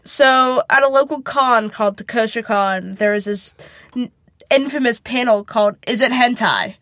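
Sarcastic woman with deadpan asides. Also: on the high side, moderate pace, no echo. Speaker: podcast co-host. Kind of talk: casual chat. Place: small closet at home.

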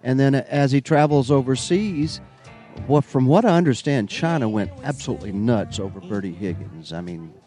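A man hosting live from an old theater, chatty and enthusiastic with lots of filler words. His voice is mellow and dark yet swings up and down a lot. Faint music plays in the background. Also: medium pitch, animated, moderate pace. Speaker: broadcast host. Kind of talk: casual live broadcast chat.

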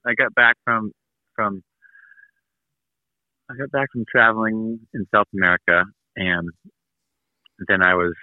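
A man in his thirties, appearing as a guest over a tinny phone-like connection, speaks a little slowly with long pauses. His fairly low voice stays fairly even, with no room sound, as he rambles through a long travel story, laughing and playing out its people.

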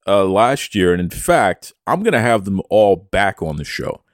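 Man, low voice, swooping delivery, dry close sound, podcast host, jokey mock boasting. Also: sing-song, a little slow, no room sound. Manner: playful mock bravado, talks about himself in the third person. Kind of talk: casual podcast chat, reading listener messages.

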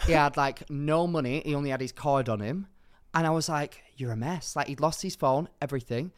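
A man's voice: fairly high pitch, a little fast, clear, resonant tone. A young man from England co-hosting a podcast, telling a story animatedly and acting out what people said. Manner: animated anecdote-telling, acting out quoted lines. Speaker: podcast co-host. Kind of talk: casual storytelling chat.

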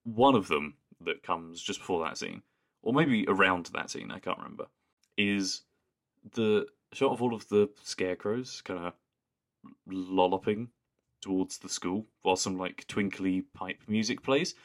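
A man's voice: low-pitched, a little slow. A man co-hosting a podcast in casual chat, rambling and amused, often laughing. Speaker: podcast co-host.

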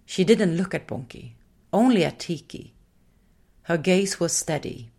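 A woman narrates a storybook slowly and gently, in an unhurried way. Her voice sits on the low side, and she lets each sentence take its time. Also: expressive.

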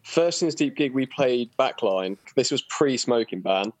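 A man's voice: mid-range voice, lively intonation, measured pace, no echo, faint music behind. Young man, laid-back storyteller, casual chat, salty language. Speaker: podcast guest, former band member.

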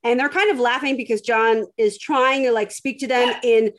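A woman's voice: on the high side, steady tone, normal speed. A woman hosting a podcast, telling a story in casual chat, rambling with lots of fillers and restarts. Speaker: podcast host.

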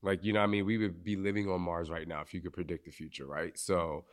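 A man's voice: sits low, little pitch movement, fast talker, clean tone. A man with a New Jersey accent hosting a live podcast, talking bluntly and animatedly and swearing freely. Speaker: podcast host. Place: live recording at a retreat.

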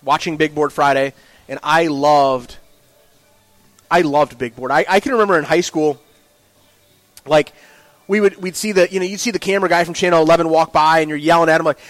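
A man's voice: a little high, brisk, long pauses, no echo, low-quality recording. A man, a sports director telling rambling stories in a casual podcast interview. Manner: rambling, animated storytelling with restarts. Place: restaurant.

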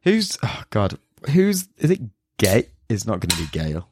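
A man's voice: fairly low pitch, wildly swooping pitch, normal speed, noisy background. A man co-hosting a podcast in casual chat, rambling with many fillers and restarts. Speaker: podcast co-host.

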